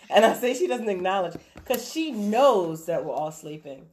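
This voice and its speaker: A woman's voice: medium pitch, very animated, normal speed, a little mellow. A woman in her thirties, a podcast co-host, telling a story in casual chat, acting out quotes and laughing often.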